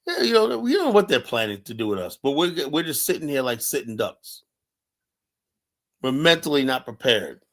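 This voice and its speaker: A man's voice: medium pitch, big pitch swings, normal speed, a bit bright. A man in a mid-range voice gives an urgent, emphatic live-stream monologue. He keeps circling back to his points with "you know" and "right?" fillers. His delivery is passionate and conversational rather than scripted. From United States. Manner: urgent, emphatic, repeats himself with many fillers. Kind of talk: impassioned monologue commentary.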